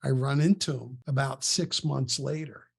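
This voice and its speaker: A man, a sales coach, telling a case-study story in an animated way and acting out the people he quotes, over an online meeting. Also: mid-range voice, moderate pace, gravelly, slightly rough. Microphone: online meeting with screen share.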